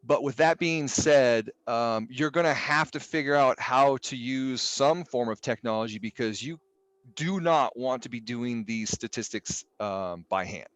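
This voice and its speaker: In a dry recording, a middle-aged man lectures his live online statistics class at a measured pace, his mid-range voice a bit bright. He keeps it casual and jokey, tossing in exasperated asides and some mild swearing.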